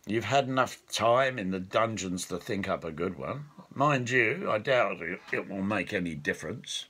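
Give me a man playing a commanding, suspicious elf king from a storybook, husky and animated. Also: lowish voice, normal speed, heavily acted. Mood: stern. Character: stern proud elf king, older man.

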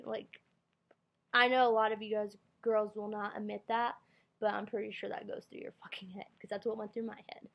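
A woman's voice: medium pitch, flat delivery, moderate pace, creaky, highs cut off. A young woman telling a rambling storytime vlog into her computer's built-in mic, full of fillers and quoted self-talk. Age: young adult. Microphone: computer webcam mic.

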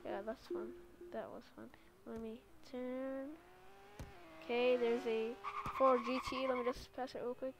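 A woman's voice: fairly high pitch, steady tone, a little slow. A woman giving casual gameplay commentary as a gaming YouTuber, chatty and reading internet slang aloud. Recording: loud game car-engine noise behind.

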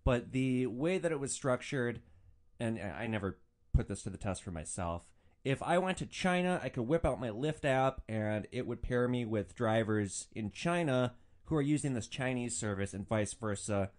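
A man's voice: mid-range voice, expressive, normal speed. A man hosting a podcast, telling comedic stories about his driving work with sardonic, crude relish. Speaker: podcast host and rideshare driver. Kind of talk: comedic storytelling.

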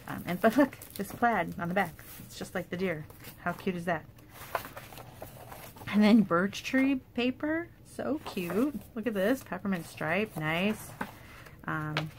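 A woman casually showing off paper craft products in a chatty, enthusiastic way, with fillers and quick asides. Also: fairly low pitch, slight background noise. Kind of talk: casual product show-and-tell.

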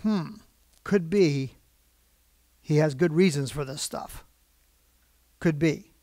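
A man's voice: fairly high pitch, slow, mellow, no room sound, studio quality. A man preaching a sermon from a church pulpit, talking conversationally with his congregation, asking them questions and getting emotionally worked up. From United States. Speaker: pastor.

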